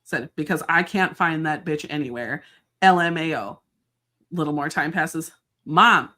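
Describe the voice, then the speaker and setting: Low-voiced middle-aged woman, chatty guest, quick to laugh. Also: fairly bright tone. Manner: laughing, storytelling, playful. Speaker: podcast guest. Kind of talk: casual chat.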